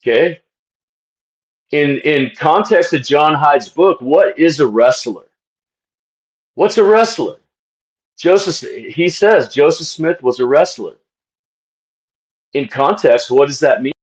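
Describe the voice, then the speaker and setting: A man's voice: fairly high pitch, takes it slowly, poor audio. A man commenting casually to camera, hammering points with repeated rhetorical questions and a mock-preacher tone toward his viewers. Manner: emphatic, repetitive, rhetorical questions, frequent "right?". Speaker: channel host discussing a book.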